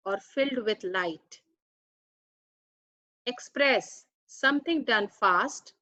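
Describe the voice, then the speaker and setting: A woman with a sharp, high-leaning voice gives a slow, explanatory English grammar lesson, carefully and deliberately reading out words and their meanings one by one. The recording is dry and sounds dull.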